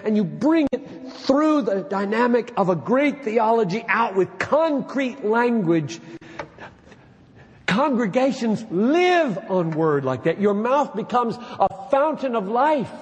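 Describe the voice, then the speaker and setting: A man's voice: high-pitched, big-room sound. A man preaching to fellow pastors, exhorting them with emphatic rhetorical questions. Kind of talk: sermon-style lecture.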